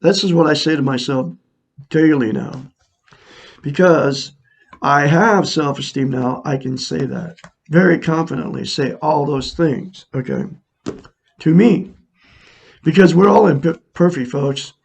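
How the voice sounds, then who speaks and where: A man's voice: fairly high pitch, unhurried, vocal fry, long pauses, slightly rough. A man in his sixties earnestly talking to viewers in a casual, repetitive, preachy monologue. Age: 60s. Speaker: self-help vlogger. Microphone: camera mic, looking into a mirror.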